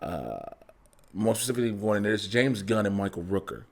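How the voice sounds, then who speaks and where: A man reviewing a film in a casual, animated way, acting out the characters as he retells the story. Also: fairly low pitch, a little fast. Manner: animated storytelling, acts out characters, frequent laughter and profanity.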